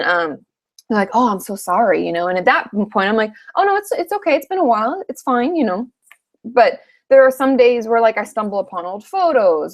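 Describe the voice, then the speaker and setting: A woman in her thirties, a therapist from Washington state, answering viewer questions in a frank, chatty live Q&A, swearing casually now and then. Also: a little high.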